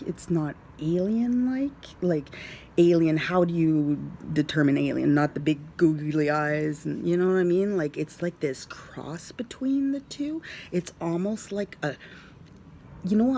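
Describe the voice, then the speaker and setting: Slow, gravelly rambling storyteller. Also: medium pitch, mellow, a little hiss or hum. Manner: rambling, full of fillers, drops into whispers. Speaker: vlogger. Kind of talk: casual storytelling to camera.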